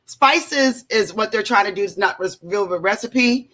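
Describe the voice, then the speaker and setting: A woman hosting a casual reaction show from home, talking in an animated, chatty way with many asides to her viewers. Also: medium pitch, moderate pace. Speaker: show host.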